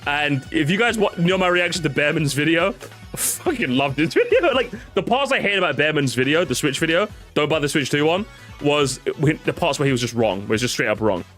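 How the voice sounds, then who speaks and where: Animated, excitable male streamer. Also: a little high, fairly quick, soft background music. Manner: excitable, laughs often, swears casually. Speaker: streamer reacting to chat. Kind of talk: casual react-stream commentary.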